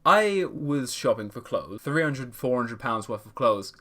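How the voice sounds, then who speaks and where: A man's voice: mid-range voice, sing-song, unhurried, a bit bright. A man who tells a personal story in a casual vlog, hesitant and full of self-corrections, with self-deprecating humour. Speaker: vlogger.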